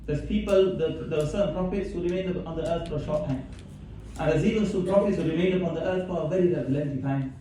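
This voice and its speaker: Recorded from a distance in a community centre hall, an Islamic scholar delivers a conversational religious talk, reciting verses and then explaining them. His male voice is fairly high and mellow, and he moves at a quick pace. The hall is very echoey, the microphone far off, with a little background noise.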